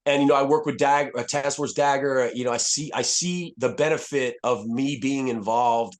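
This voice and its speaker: Brief: man, 50s, retired soldier on a podcast, blunt and profane, mid-pitched, candid storytelling. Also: moderate pace. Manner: blunt, profane, frequent restarts and fillers.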